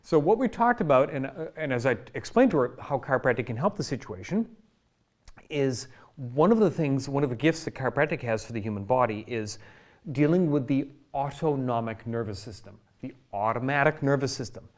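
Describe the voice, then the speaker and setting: A male chiropractor talks through a health lesson from his office. His delivery is relaxed and conversational, with examples and frequent check-ins like "right?" and "okay?". His voice sits at an ordinary middle pitch for a man. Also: a little fast. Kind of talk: educational health talk to camera.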